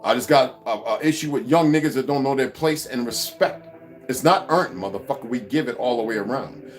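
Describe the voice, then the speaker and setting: A man's voice: fairly quick, faint music behind. A man delivering a heated, profane vlog rant full of mockery and swearing. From United States. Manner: heated, swearing, mocking, lively swings in pitch. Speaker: vlogger. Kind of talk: profane ranting monologue.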